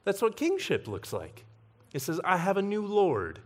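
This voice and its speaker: Man, pastor, sermon, earnest, slightly high voice, builds emphasis. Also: huge pitch swings, normal speed. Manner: earnest, builds in emphasis and volume on key points.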